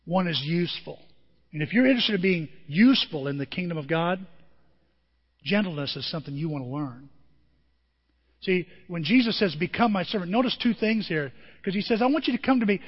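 A man preaching a sermon as pastor, talking in a conversational, animated way with acted-out quotes. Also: high-pitched, a little fast, long pauses, breathy edge. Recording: dull lo-fi with long reverb.

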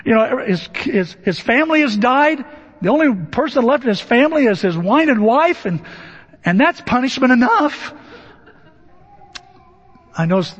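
A man with a very high, husky voice delivers a sermon in an easy, joking tone and slips into the voices of Bible figures as he goes. His pitch leaps around freely. The recording is dull and muffled, with a long reverb from a large church. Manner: conversational and humorous, acting out Bible figures in quick asides. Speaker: pastor. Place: church sanctuary.

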